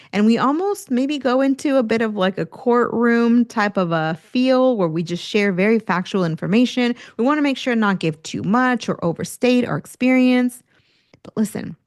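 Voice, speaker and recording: An energetic woman hosts a career-coaching podcast in a clear, mid-pitched voice. She talks straight to the listener and acts out examples of tone as she teaches. The mic sits close in a dry room. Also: dry recording. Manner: energetic, demonstrates tone shifts, occasional laughs.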